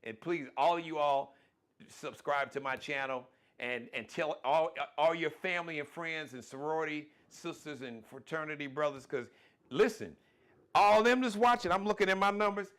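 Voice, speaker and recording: A man hosting his own live-streamed talk show, speaking in in a folksy, animated way, full of shout-outs and plugs. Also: fairly high pitch, moderate pace.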